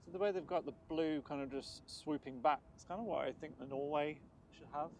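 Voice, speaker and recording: A man's voice: fairly high pitch, fairly quick, darkish tone, a little hiss or hum. Chatty man spotting planes outside. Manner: chatty, greets viewers and banters. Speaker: plane spotting stream co-host. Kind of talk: casual live commentary. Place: outdoors beside an airport runway.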